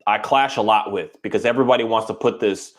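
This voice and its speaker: A dog trainer talking in a casual podcast conversation, animated and acting out quoted voices as he tells stories. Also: on the low side, fast talker.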